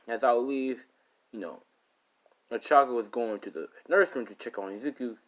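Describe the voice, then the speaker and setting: A man's voice: mid-range voice, moderate pace. A man improvising a fan story narration, rambling with many fillers and asides.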